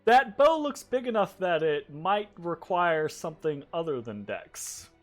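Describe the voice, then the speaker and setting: A man runs a tabletop game in an unhurried, chatty way, often laughing and circling back to restart his sentences. His pitch sits a bit high and swings widely. Faint music plays behind him. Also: big pitch swings. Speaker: game master.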